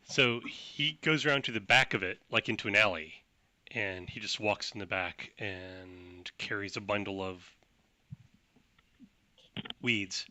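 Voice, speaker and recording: A man's voice: on the low side, a little slow, long pauses, bright, forceful tone. A man narrating and running a tabletop role-playing game, laid-back and rambling. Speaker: game master.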